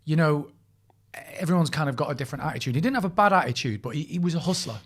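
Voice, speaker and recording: A man's voice: fairly high pitch, lively intonation, racing, fairly bright tone, slightly rough. A man co-hosting a podcast, telling stories in casual chat, laughing often and mimicking the people he quotes. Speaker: podcast co-host.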